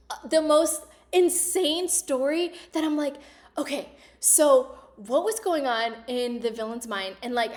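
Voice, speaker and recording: Brief: bubbly woman host with a bright, high voice, rambling through a comic story. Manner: animated, rambling, laughs often. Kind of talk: casual comedic storytelling.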